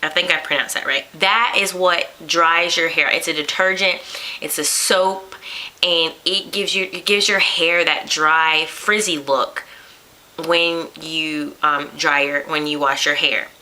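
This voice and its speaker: A young American woman telling a personal story to her camera in a chatty, animated way, with many fillers and quoted reactions. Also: low-pitched, measured pace, low-quality recording. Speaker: vlogger.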